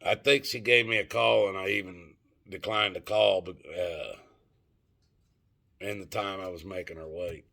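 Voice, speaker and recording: A man's voice: deep voice, steady tone, unhurried, creaky, pushed and bright. A middle-aged man telling a story and ranting to his viewers in a rambling, profane, casual way. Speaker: vlogger.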